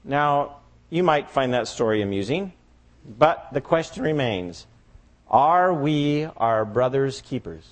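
A man's voice: mid-range voice, lively intonation, slow. A man preaching a sermon, telling a farmyard story expressively before turning to scripture. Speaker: pastor.

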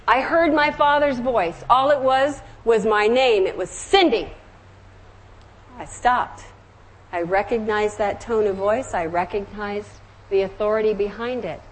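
A middle-aged woman from the American South preaching a sermon, telling stories gently and slowing down on scripture and hymn lines. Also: on the high side, low-quality recording. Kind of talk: sermon with storytelling.

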